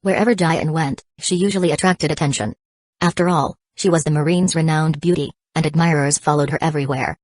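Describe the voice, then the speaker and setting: A woman reading an audiobook in a steady, even scripted narration. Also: sits low, brisk, no room sound.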